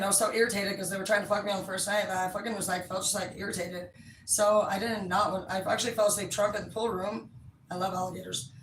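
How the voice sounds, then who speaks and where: A woman with a mid-range, somewhat bright voice tells a long story in casual chat, blunt, rambling and full of profanity. The mic sits at a distance in an echoey room, with slight background noise.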